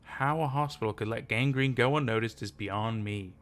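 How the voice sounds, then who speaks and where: A man's voice: mid-range voice, normal speed, fairly bright tone, lightly acted. A man voicing a mother in stubborn denial. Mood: matter-of-fact. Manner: defensive, scolding.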